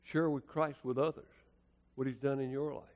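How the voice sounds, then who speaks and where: An American man delivers a storytelling sermon in a folksy, colloquial, dramatic way, with swings in loudness. His voice is mid-range and level at a normal speed. The recording is muffled, with long hall reverb.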